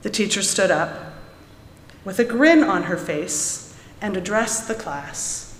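A woman's voice: medium pitch, slow. Woman telling a story in an echoey sanctuary. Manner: animated storytelling, lively voices for characters. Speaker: storyteller at a synagogue service. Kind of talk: reading a children's story aloud, then teaching. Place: large sanctuary. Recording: echoey hall, from a room mic.

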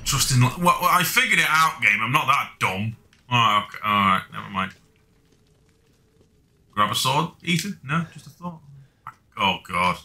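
A man's voice: medium pitch, expressive, moderate pace, pauses often, sharp tone. A man casually talking to himself while playing a video game, joking and swearing freely. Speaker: gaming video host. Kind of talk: let's play commentary.

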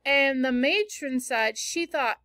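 A woman's voice: high voice, expressive, slow pace, sharp tone, no echo, faint music behind, exaggerated voice. A woman reading aloud as an eager, talkative eleven-year-old orphan girl, gushing and dramatic. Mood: earnest.

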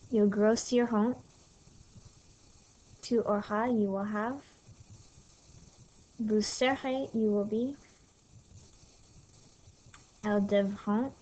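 In a casual, chatty recorded lesson over slides, a woman teaches French to her class, dropping in small apologetic asides. Her voice is mid-range with a dark tone, and the audio is scratchy, captured on a tablet mic at home.

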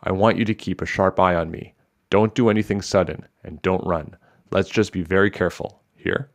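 A man voicing a big, calm male truck driver in a storybook reading, slow and steady with a hint of amusement. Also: low voice. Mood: hushed.

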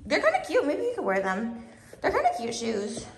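A woman's voice: sits high, wildly swooping pitch, a little fast. Breathless, giggly woman vlogger, chatty, whispers asides; roomy, distant, noisy sound. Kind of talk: casual vlog chat. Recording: echoey room, distant mic, noisy.

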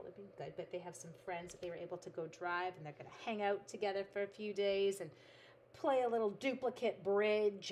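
A woman's voice: lowish voice, a little hiss or hum. A middle-aged woman hosting a craft livestream, chatting casually and talking to her materials as she works. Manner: chatty, reads out viewer comments, talks to her materials. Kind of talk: casual chat while making cards.

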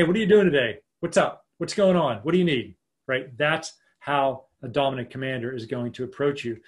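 A man coaching a live online leadership workshop over a video call, in a chatty, informal way, acting out quick example lines. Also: on the high side.

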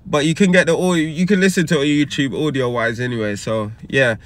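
A man chatting casually as a sidekick, murmuring quiet agreement. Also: fairly high pitch, fast.

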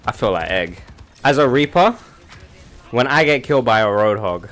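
Profane gamer, loud then muttering. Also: male voice, expressive, moderate pace, long pauses. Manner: profane, self-mocking, swings from loud outbursts to low mumbling. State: just woken up, sore throat. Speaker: gamer streamer. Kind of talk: casual gameplay commentary.

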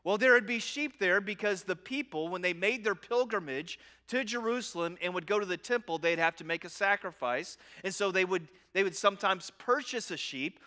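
A man in his forties delivers a sermon in a conversational style, with a sharp, bright tone. He jokes at his own expense and often circles back, repeating half-finished phrases before landing the point. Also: high voice. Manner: self-deprecating humor. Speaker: pastor.

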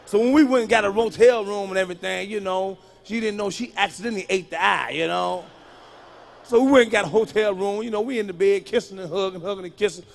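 Man, stand-up comic, high voice, profane, punchy, loud bursts. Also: fast, vocal fry. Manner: loud, profane, punchy delivery that jumps between muttering and yelling. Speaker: stand-up comedian. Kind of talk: live stand-up storytelling.

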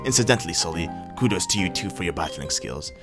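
Guy reading out an old stern professor, low and quiet, game music behind. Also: expressive, fast. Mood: lecturing. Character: stern older male professor, lecturing.

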